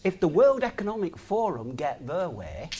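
A man's voice: fairly high pitch, very animated, normal speed, background noise. Chatty man in his sixties. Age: 60s. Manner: chatty, laughs often, many rhetorical questions. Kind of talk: informal sermon.

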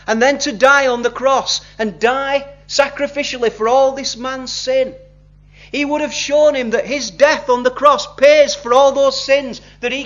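A man delivers a sermon in a conversational way, now and then acting out the speakers he quotes. His voice sits fairly high. The recording sounds slightly dull and lo-fi. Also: a bit bright. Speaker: preacher.

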